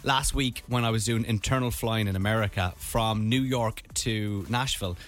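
A man's voice: on the low side, moderate pace, a bit bright, soft background music. A young Irish man hosting a radio show, telling a funny travel story in casual chat and acting out voices. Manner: playful storyteller, acts out voices. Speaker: radio host.

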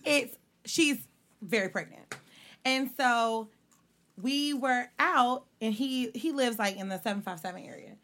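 A young woman co-hosts a casual podcast, telling stories with big laughs and plenty of cursing. Her voice sits a bit high and rings bright. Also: a little slow. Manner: animated, laughing, swearing freely. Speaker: podcast co-host. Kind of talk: casual storytelling chat.

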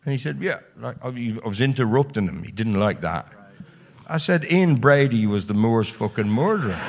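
A man in his sixties spins stop-start, salty stories as a guest on a live show. His voice sits at a mid pitch and he swears freely while he talks. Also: expressive, moderate pace, a little hiss or hum. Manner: salty, swearing, full of restarts. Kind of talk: anecdotal storytelling.

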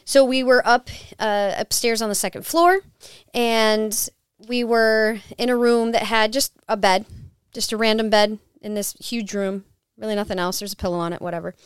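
Woman telling a ghost story, smooth. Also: fairly high pitch, normal speed, dry recording, clean studio sound. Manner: animated, acts out quotes. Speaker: guest, paranormal investigator. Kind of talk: casual storytelling.

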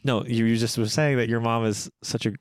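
A young man co-hosting a home podcast with his partner, telling a story casually and jumping into high voices when he quotes people. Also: fairly even intonation, fairly quick, clear, resonant tone, no room sound. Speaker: podcast co-host, expecting father. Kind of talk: casual chat.

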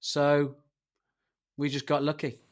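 A man's voice: on the high side, monotone, takes it slowly. A man hosting a casual podcast chat, swearing and telling rambling anecdotes. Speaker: podcast host running the segment.

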